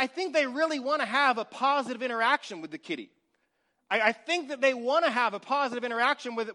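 Man preaching a sermon, forties, high voice, bright tone, animated storyteller who sinks to a whisper at times. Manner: animated storytelling, acts out scenes, drops to a whisper. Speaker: pastor.

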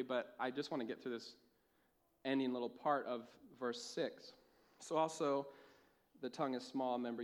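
A young man preaching a sermon in a church, telling a lively personal story and laughing at his own jokes. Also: medium pitch. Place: church with a live audience.

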